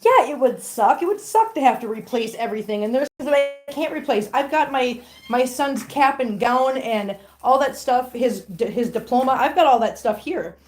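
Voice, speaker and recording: On a casual livestream, a middle-aged woman chats with viewers, replies to their comments aloud and coos baby talk at her kittens. Her voice sits high, expressive and a little mellow, moving at a moderate pace with hardly any pauses.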